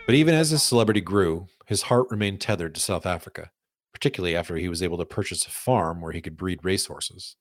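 A man narrating a scripted documentary podcast at a measured pace, reading quotes aloud in his own voice. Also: low-pitched, dry recording, studio quality.

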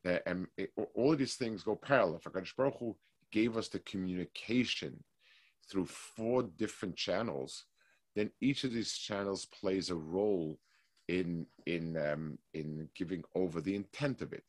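Low-voiced man teaching a Torah class. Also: dry recording. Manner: explains slowly with restarts, reads Hebrew text quickly. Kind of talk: weekly Torah class lecture.

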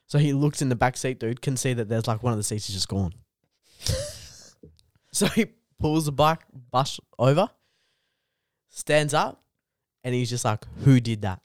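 Rambling sweary Australian bloke. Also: male voice, mid-range voice, a little slow, long pauses, dry recording, studio quality. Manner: rambling, sweary, says "dude" constantly; animated, laughs through own story. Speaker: comedian guest. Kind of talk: casual podcast storytelling.

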